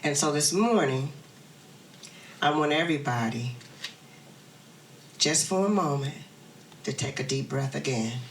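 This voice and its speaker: A woman's voice: low voice, expressive, unhurried, pauses often, a little hiss or hum. A woman pastor delivering a sermon and leading her congregation in call-and-response. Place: large church hall. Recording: echoey hall, from far off.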